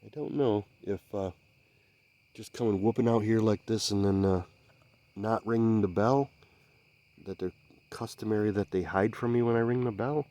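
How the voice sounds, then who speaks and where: A man investigating the woods by a swamp at night, speaking in a hushed, halting, searching way and sometimes calling out loudly. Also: fairly low pitch, no room sound. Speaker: field investigator. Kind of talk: night field investigation commentary.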